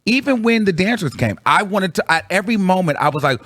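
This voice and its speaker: A man telling a story to his viewers in slangy, casual chat, swinging from low mutters to high excited bursts. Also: quick pace, hardly any pauses. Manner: slangy, calls the audience girl. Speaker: vlogger reviewing a concert.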